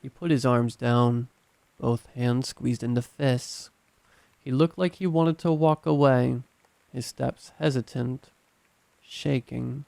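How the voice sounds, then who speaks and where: Man, horror story narration, measured, tense, smooth resonant voice, mid pitch. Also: fairly even intonation, darkish tone, no room sound.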